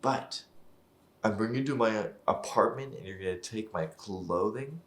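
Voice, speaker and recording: A man with a fairly low voice reacts to a TV show in loose, swear-filled commentary. He sounds exasperated and mocking, and laughs often as he picks the script apart. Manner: laughs often while talking.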